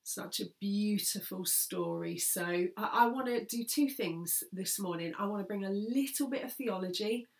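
A woman's voice: medium pitch, normal speed, vocal fry, few pauses. A woman pastor preaching an earnest sermon, repeating key phrases for emphasis and sometimes dropping almost to a whisper.

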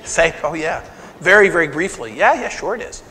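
A man giving a conversational lecture to an audience, animated and retelling scenes with quoted dialogue. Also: on the high side, moderate pace. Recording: long reverb of a lecture hall.

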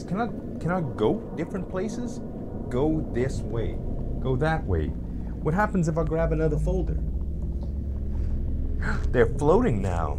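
A man with a drawl gives casual let's-play commentary, his pitch swinging widely as he talks to the viewers and to things on screen. Laughs slip in as he chats along. A steady layer of background noise hums behind him. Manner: animated, talks to viewers and objects, nervous laughs. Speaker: gaming YouTuber.

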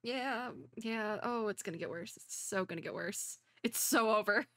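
A young woman streaming a game, reading the story text aloud and excitedly talking back at the characters on screen. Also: medium pitch, moderate pace, dry recording, clean studio sound. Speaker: VTuber.

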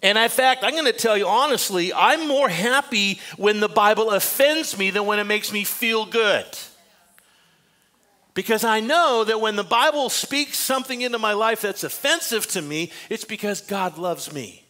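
Bright-voiced older male pastor preaching. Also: sits high, normal speed. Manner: emphatic preaching, dropping to quiet asides. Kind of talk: sermon. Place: church sanctuary.

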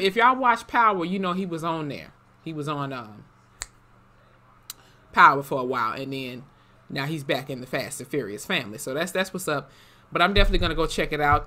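A YouTube host chatting casually in a reaction vlog, slangy, profane and animated. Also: mid-range voice.

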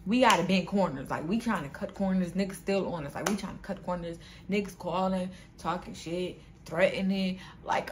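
A young woman vlogger telling a storytime to her viewers in an animated, slangy way, often calling them "y'all". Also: lowish voice, normal speed, a little hiss or hum. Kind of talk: casual storytime vlog.

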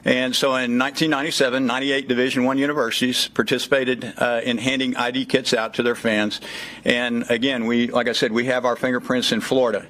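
A man's voice: medium pitch, flat delivery, a little fast, fairly bright tone. Man, 50s, Southern Texas accent, folksy speaker at a press event, filler-heavy. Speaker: child safety program speaker. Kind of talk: speech at a press conference.

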